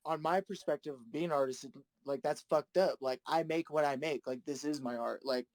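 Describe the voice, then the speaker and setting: A man's voice: fairly high pitch, fairly quick, darkish tone, dry recording. Laid-back man in a dry room. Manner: laid-back, rambling, laughs often. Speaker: musician guest. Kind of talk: casual chat.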